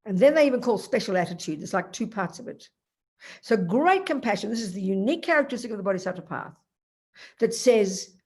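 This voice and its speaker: A woman gives a Buddhist teaching in an emphatic, lively manner. She tells stories and speaks straight to her students by name. Her voice sits at an ordinary middle pitch. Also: brisk. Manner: emphatic, animated storytelling. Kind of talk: Dharma teaching.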